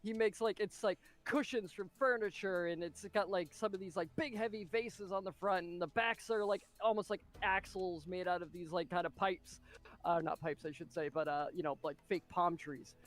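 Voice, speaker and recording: A man narrating as game master of a tabletop game, excitable and full of fillers and spoken sound effects. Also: high voice, moderate pace.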